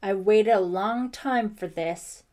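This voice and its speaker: Woman doing a tired cop guy, firm, slow, kinda grim. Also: medium pitch, fairly even intonation, a little mellow, close to an everyday voice. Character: grim middle-aged male police lieutenant. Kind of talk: audiobook character voice.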